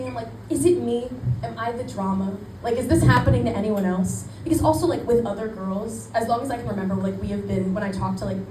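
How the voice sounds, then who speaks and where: A young woman doing a self-deprecating stand-up set in a small club, with laughter behind her. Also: fairly high pitch. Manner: chatty, self-deprecating, animated quoting. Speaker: stand-up comedian. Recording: echoey club, mic at a distance, noisy. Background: audience laughter.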